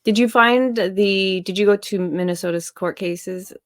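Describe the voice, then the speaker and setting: A woman hosting a casual chat stream, blunt and teasing, thinking out loud. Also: medium pitch, unhurried, no echo, clean studio sound. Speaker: stream host.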